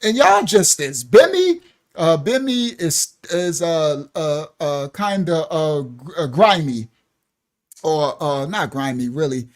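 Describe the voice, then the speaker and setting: A man's voice: on the high side, expressive, slow. An older man hosting a casual livestream, reading viewer comments aloud, laughing often and searching for words with plenty of fillers. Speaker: livestream host. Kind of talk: casual live-stream chat.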